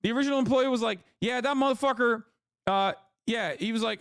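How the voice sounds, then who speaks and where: A man with a very high-pitched voice hosts a stream and rants in casual commentary. He swears freely and mocks with open disbelief. The sound is close and dry, with no room echo. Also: a little fast, a bit bright, clear, resonant tone. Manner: profane, incredulous, mocking. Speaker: streamer host.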